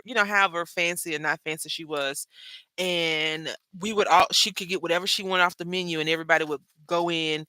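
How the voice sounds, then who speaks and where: A woman hosting a craft channel, chatting with viewers while she makes a card, calling them "y'all" and jumping between loud remarks and hushed asides. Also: deep voice, dry recording. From Brazil. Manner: chatty, talks straight to viewers, lots of "y'all". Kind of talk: casual chat while crafting live.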